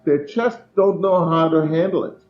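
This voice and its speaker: A man's voice: a little high, moderate pace. A man giving blunt, emphatic answers as a guest in a political interview. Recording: dull, echoey remote line.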